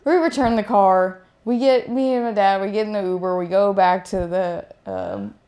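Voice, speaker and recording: Chatty young woman telling a story. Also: normal speed. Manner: animated, acts out quotes in higher voice; many fillers, "like" and "I'm like". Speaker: pro beach volleyball player. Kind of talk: casual storytelling.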